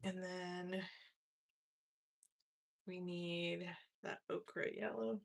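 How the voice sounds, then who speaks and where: A woman hosting a casual craft livestream, talking through her printing as she works, relaxed and thinking aloud. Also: on the low side, drawn-out words, creaky. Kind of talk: casual craft demo chat.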